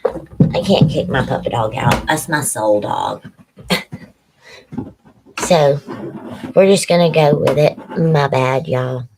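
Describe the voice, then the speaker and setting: A woman's voice: very deep voice, slow pace, pauses often, noisy background. A woman giving a spiritual tarot reading to a camera at home, chatting loosely and stopping to talk to her dogs. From Louisiana. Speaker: tarot reader and psychic. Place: home room with dogs nearby.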